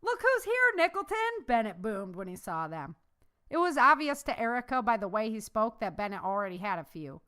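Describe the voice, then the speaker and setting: A woman author reading her own novel aloud in an expressive storytelling style. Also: mid-range voice, fairly quick, clear, resonant tone. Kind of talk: audiobook narration.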